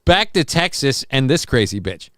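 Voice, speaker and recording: A man hosting a casual comedy podcast, sarcastic and profane, cracking quick jokes about news stories. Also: medium pitch, big pitch swings, a bit bright. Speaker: podcast host.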